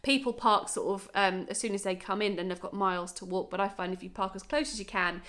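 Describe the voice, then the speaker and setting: A woman's voice: medium pitch, steady tone, fast talker, a bit bright. A woman in her thirties with a Norfolk accent, chatting bubbly to camera with lots of "right" and "um". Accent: Norfolk English. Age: 30s. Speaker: vlogger. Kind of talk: casual chat to camera.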